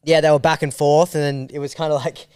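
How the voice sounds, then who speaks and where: An Australian man, a filmmaker guest, telling a story in a casual interview with a rambling, animated manner and casual swearing. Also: on the high side, fast, smooth, no room sound.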